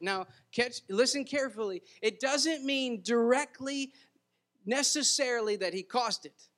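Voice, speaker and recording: A man's voice: high-pitched, normal speed, fairly bright tone. A man preaching a sermon as pastor, earnest and conversational, with frequent restarts and asides to the congregation.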